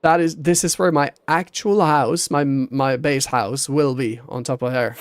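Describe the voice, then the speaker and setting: A man's voice: mid-range voice, steady tone, measured pace, hardly any pauses, clear, resonant tone, dry recording. A man streaming a building game, talking to himself and humming little sound effects as he works. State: hiccuping. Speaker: Minecraft streamer. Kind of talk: casual gameplay commentary.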